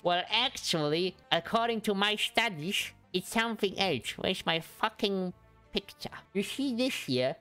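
A man's voice: high-pitched, lively intonation, unhurried, pushed and bright, smooth, soft background music, pitched above the performer's own voice, heavily acted. A man putting on a pompous know-it-all expert. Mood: smug. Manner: mock-lecturing, pompous.

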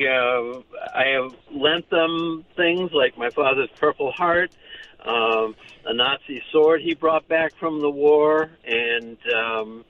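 An older man talks over a tinny, phone-like line, his pitch sitting mid-range for a man. He speaks haltingly, breaking off and restarting, with a dry, wry humor. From United States. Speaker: author and pediatrician, guest. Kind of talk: casual interview talk.

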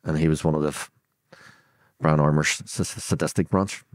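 A man's voice: rumbling low, fairly even intonation, normal speed, dry recording, studio quality. A man in his sixties with a Belfast accent, a podcast guest retelling events bluntly and acting out the dialogue as he goes. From Northern Ireland. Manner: vivid retelling that acts out quoted dialogue; blunt, swears freely. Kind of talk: storytelling interview.

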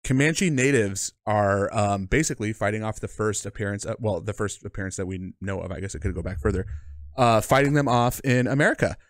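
A man's voice: lowish voice, brisk, no echo. A man co-hosting a podcast in casual chat, blunt and opinionated, with frequent swearing. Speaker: podcast co-host.

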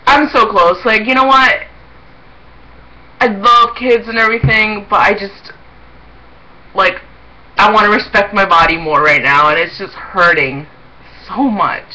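A young woman talks casually to camera in a rambling vlog, her voice bright and light, and her chatter often slips into little giggles. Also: medium pitch, a little slow, pauses often, low-quality recording. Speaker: vlogger.

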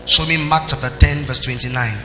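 A man preaching a sermon as pastor, emphatic, with sing-song rises and sudden soft drops. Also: mid-range voice, steady tone, fairly quick. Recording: echoey hall with music underneath.

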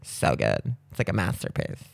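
Man mimicking a young woman fan, gushing, breathless, half-whispered, hushed, dry close sound. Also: deep voice, wildly swooping pitch, moderate pace, gravelly, dry recording, pitched below the performer's own voice, heavily acted.

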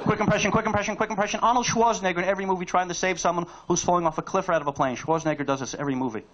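High-energy fast-talking male comic. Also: fairly bright tone, dull audio, slight background noise. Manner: high-energy rapid-fire joke delivery. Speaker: stand-up comedian. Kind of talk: live stand-up set. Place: comedy club stage. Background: audience laughter.

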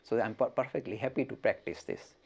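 A man's voice: on the low side, brisk, gravelly, darkish tone, breathy edge. A man voicing a simple, childlike young male devotee who speaks in a casual, innocent way during a lesson.

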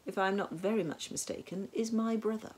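A woman voicing a brisk, bossy heroine. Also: medium pitch, a little hiss or hum, voice pushed up, lightly acted. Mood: dry, decisive. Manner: clipped, bossy, hushed urgency. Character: brisk, sharp-witted woman detective, commanding.

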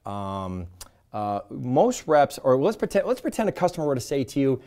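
Middle-aged male sales trainer, lively and animated, plays both the customer and the rep. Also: a little high, brisk. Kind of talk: energetic sales coaching talk to camera.

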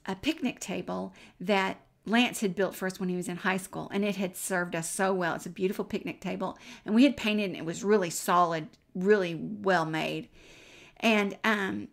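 A middle-aged woman tells a personal faith story as a Christian speaker, with a gravelly texture in her voice. She speaks warmly and earnestly, and her voice sometimes sinks to a near-whisper. Her pitch sits in an ordinary middle range.

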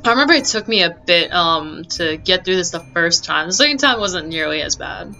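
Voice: medium pitch, animated, a little fast, pushed and bright, soft background music. A gamer giving casual gameplay commentary, exclaiming often and getting easily frustrated while laughing at their own mistakes. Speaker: let's play gamer.

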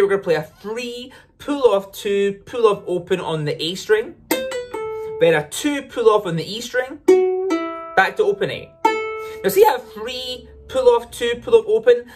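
Friendly ukulele tutor, casual lesson delivery, mid-range voice, loud ukulele in the mix. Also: medium pitch, normal speed, over music. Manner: chatty, upbeat, often corrects itself mid-sentence. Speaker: ukulele teacher. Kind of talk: casual instructional explanation. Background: ukulele playing between phrases.

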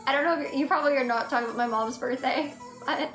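Giggly high-voiced woman streaming live. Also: quick pace. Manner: giggly, excitable and rambling. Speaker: livestreamer. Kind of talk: casual live chat reading comments. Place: at home, livestreaming. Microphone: phone mic. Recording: echoey room with faint music.

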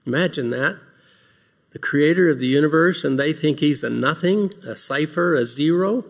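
The voice is fairly high and gravelly, at a moderate pace, as a man opens an earnest devotional talk for a large audience. He reads scripture aloud and poses rhetorical questions.

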